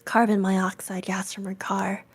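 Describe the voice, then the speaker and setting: A woman's voice: mid-range voice, completely flat delivery, moderate pace, breathy edge, soft background music. A woman voicing a nervous, stammering old hunchbacked male antique dealer in a storybook reading. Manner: stammering, hesitant, hushed.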